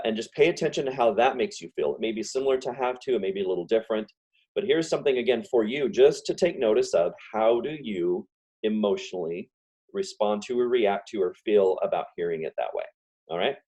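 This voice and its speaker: A man giving a casual self-help talk on a video call. He talks fast and repeats example phrases over and over. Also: lowish voice, dark tone. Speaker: guest speaker.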